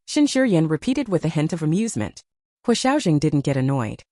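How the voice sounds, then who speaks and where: A woman narrates a romance novel in steady audiobook style. Her low voice moves through a lively, animated range, and the recording is close and dry with no room sound. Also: fairly quick, dry recording.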